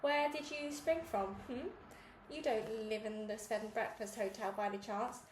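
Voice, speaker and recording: A woman's voice: on the high side, steady tone, normal speed, roomy sound, a little hiss or hum, close to an everyday voice. A woman reading aloud, voicing a pushy, dismissive male TV director who calls children sweetie. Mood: brisk.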